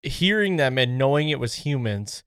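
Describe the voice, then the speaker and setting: A man's voice: mid-range voice, animated, normal speed, a bit bright, smooth, dry recording. Male co-host, inquisitive, conversational, close dry mic. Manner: curious, asks follow-up questions. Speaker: podcast co-host. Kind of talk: casual podcast conversation.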